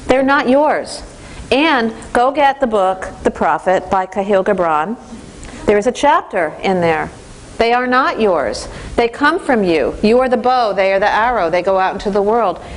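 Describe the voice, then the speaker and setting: Woman, instructor, classroom training lecture, conversational, lively, faint room noise. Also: mid-range voice, measured pace, low-quality recording.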